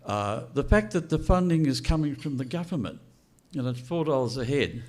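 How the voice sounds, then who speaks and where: A man's voice: mid-range voice, big pitch swings, fairly quick, a little mellow. An older man giving a blunt, unscripted speech to an audience and asking rhetorical questions. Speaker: speaker at a political launch event.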